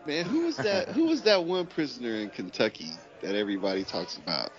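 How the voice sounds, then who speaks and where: A man co-hosting a casual podcast chat, telling animated stories and laughing often. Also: medium pitch, brisk. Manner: animated storyteller, laughs a lot. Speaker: podcast co-host. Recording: muffled lo-fi recording.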